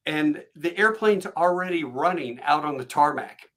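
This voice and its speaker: Animated storytelling man, bright voice. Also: a little high, moderate pace. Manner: animated, acts out voices in his stories. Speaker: podcast host. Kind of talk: casual storytelling chat.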